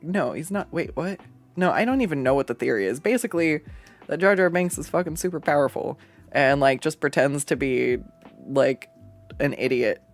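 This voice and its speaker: An artist streaming a drawing session, chatting casually, rambling, often laughing and swearing, and jumping up in pitch when acting out quotes. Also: lively intonation, moderate pace, faint music behind. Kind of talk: casual chat while drawing on a livestream.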